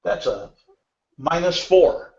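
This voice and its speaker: A man's voice: fairly high pitch, expressive, slow pace, a little mellow. Matter-of-fact man playing a tabletop game. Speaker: player. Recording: dull lo-fi audio.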